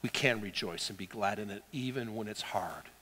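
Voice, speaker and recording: Animated preacher man in a reverberant hall. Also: on the low side, normal speed, slightly rough. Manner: dramatic and animated, swinging from shouts to whispers. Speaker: pastor. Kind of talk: sermon.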